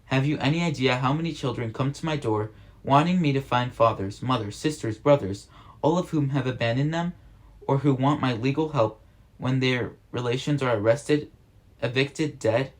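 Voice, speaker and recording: Guy reading out a grumpy deaf old lawyer, gravelly and bellowing, wheezy, bitter about everything. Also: medium pitch, normal speed, natural voice. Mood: gruff bellowing. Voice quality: gravelly, loud and thick. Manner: bellowing, bitter, coughing and wheezing between words. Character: gruff, half-deaf old male lawyer-detective. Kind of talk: audiobook reading.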